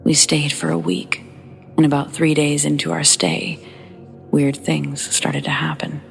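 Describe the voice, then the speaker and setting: A woman hosting a podcast, reading true scary stories aloud in a hushed, often half-whispered delivery. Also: low voice, lively intonation, a little slow, creaky, soft background music. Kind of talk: scripted horror story narration.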